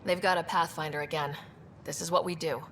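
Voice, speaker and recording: A calm young explorer in a video game who chats with the people she meets. Her voice sits a little low, and her manner is friendly and curious. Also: fairly quick, slight background noise.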